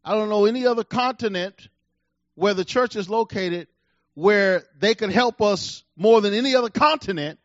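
A man preaching a sermon, swinging between loud shouts and hushed, intimate lines. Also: high-pitched, moderate pace, no room sound, dull audio. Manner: animated, swings from shouts to near-whispers.

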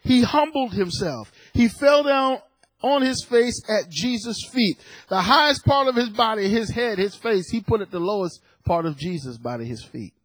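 A man in his fifties preaching a sermon, emphatic, repeating his words and rising at times to shouts. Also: high voice, expressive, normal speed, no room sound. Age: 50s.

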